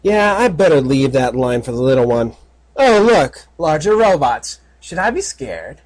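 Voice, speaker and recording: A man's voice: a little high, big pitch swings, unhurried, full character voice. A man voicing a smug, sinister female pony creature in a fan audiobook, talking in a sarcastic, offhand way.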